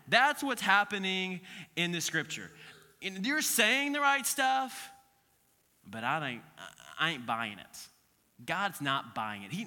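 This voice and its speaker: A man co-hosting a podcast, teaching scripture in a casual, animated storytelling way and acting out quoted voices. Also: a little high, in a large hall.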